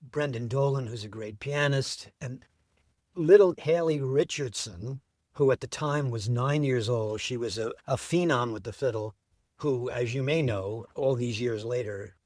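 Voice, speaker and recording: A middle-aged man telling the story of how he built an event, as an interview guest, with lively enthusiasm. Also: mid-range voice, measured pace, no room sound, studio quality.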